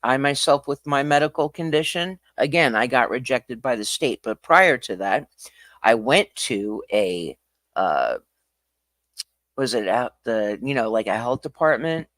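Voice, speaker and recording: A man hosting a livestream, talking casually in an animated, ranting way that swings from quiet to loud. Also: medium pitch, unhurried, dry recording, clean studio sound. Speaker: livestream host.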